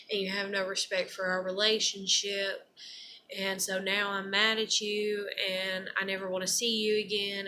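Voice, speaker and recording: A woman's voice: medium pitch, a little hiss or hum. A woman giving an earnest, rambling personal talk in an unscripted monologue. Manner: earnest, rambling, turns loud and emotional when acting out despair.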